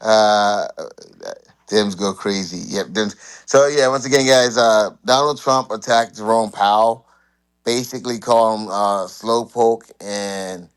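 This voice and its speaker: A man hosting a live debate show, talking casually with halting restarts. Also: on the low side, smooth. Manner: halting, many fillers and restarts. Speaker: host.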